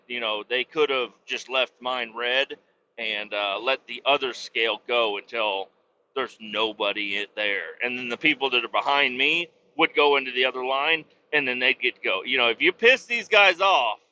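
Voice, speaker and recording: A man's voice: mid-range voice, normal speed, pushed and bright, a little hiss or hum. A man driving a truck and hosting a podcast, telling a profane, self-mocking story in a casual rambling way, a little wheezy. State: slightly wheezy. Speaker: truck driver and podcast host. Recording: slightly dull lo-fi sound.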